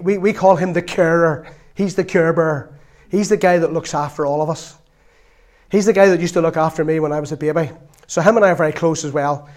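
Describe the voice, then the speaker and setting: A middle-aged man with a Northern Irish accent preaching a sermon, telling a lively story from his own family and acting out the voices in it. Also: sits high. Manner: lively storytelling, acts out voices, laughs often.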